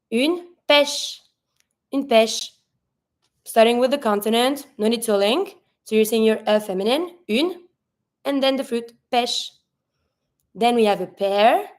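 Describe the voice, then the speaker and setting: A woman teaching a French lesson, explaining pronunciation patiently step by step. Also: fairly high pitch. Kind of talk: online language lesson.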